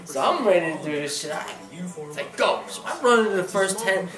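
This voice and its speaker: A man's voice: sits high, lively intonation, a little fast, recorded from a distance, music in the background. A man doing stand-up, telling a long profane story in rambling slang. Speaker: stand-up comedian. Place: comedy club stage with audience. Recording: roomy club with crowd noise.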